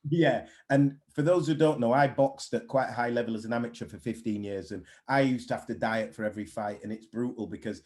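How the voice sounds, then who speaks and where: A man's voice: medium pitch, brisk, few pauses. A man, a mindset coach speaking bluntly and animatedly in a casual interview. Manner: blunt, animated storytelling with swearing.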